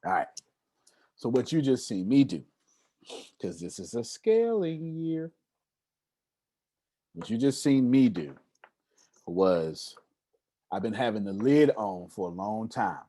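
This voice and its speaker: A man's voice: lowish voice, very animated, takes it slowly, pauses often, warm tone. A man giving an emphatic live seminar talk on money, repeating words for stress and asking his audience questions. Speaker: motivational speaker.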